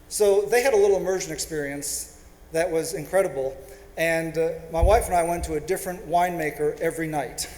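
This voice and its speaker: Man telling a story in an echoey hall. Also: fairly high pitch. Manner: anecdotal, self-deprecating, acts out quoted dialogue. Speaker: panelist. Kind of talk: storytelling talk on a panel. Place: lecture hall. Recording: echoey hall with long reverb.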